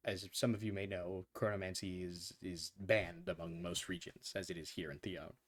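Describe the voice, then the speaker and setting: Guy putting on a calm worried queen, measured and formal, kinda low voice. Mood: grave, explaining. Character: composed worried queen speaking for her cursed husband.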